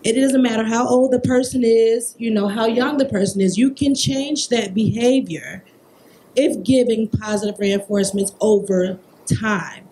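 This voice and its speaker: A woman in her thirties, a behavior therapist on a festival panel, telling a personal story in an animated, emphatic way. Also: on the high side, measured pace, a little hiss or hum, poor audio.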